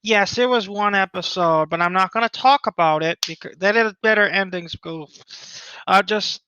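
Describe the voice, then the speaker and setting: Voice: mid-range voice, moderate pace, bright, forceful tone, muffled recording, a little hiss or hum. A podcast co-host in casual chat, rambling with lots of "like" and restarts.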